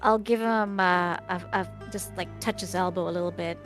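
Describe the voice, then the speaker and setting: A woman's voice: lowish voice, steady tone, moderate pace, soft background music. A woman speaking as a player in a tabletop game, chatty and playful, correcting herself as she goes. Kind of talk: casual chat in a tabletop game.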